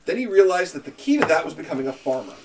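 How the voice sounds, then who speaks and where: A man's voice: on the high side, very animated, very fast, noisy background. Rambling Canadian man, a bit far off. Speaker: streamer building a character. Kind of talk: casual live-stream chat.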